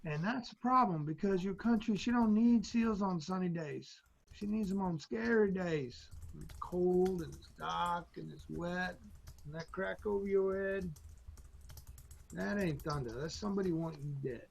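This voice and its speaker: A man voicing a gruff older male drill instructor with a Southern accent, blunt and menacing as he lays out what the training demands. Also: high-pitched, a little slow, exaggerated voice. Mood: gruff, grim.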